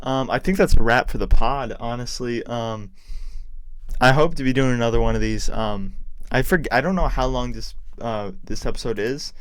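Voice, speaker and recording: A man's voice: medium pitch, normal speed, smooth, no echo. A man hosting a podcast alone, talking in a chatty, hesitant, self-deprecating way while losing his voice. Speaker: podcast host. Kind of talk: casual solo podcast chat.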